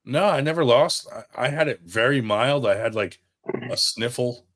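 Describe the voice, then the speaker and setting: A man's voice: medium pitch, normal speed, fairly bright tone, no room sound. A young man chatting casually on a podcast, laughing often and swearing freely about his daughter. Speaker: podcast co-host. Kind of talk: casual chat.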